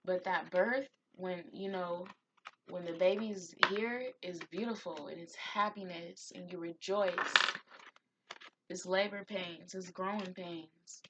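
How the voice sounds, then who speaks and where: Slow, heartfelt woman tarot reader. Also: on the low side, fairly even intonation, muffled recording, very noisy. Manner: slow, heartfelt, encouraging, spiritual; gets emotional. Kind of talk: spiritual tarot reading.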